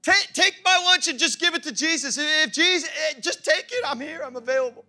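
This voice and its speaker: A man's voice: extremely high pitch, fairly quick, bright, forceful tone, pitched above the performer's own voice, full character voice. A man doing an eager little boy. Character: eager small boy offering his lunch.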